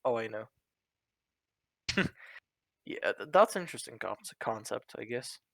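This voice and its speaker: A man's voice: medium pitch, animated, gravelly, no echo. Giggly young Czech-accented guy. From Czech Republic. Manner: giggly, laughs often, halting restarts. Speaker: online roleplay group leader. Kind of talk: casual voice chat.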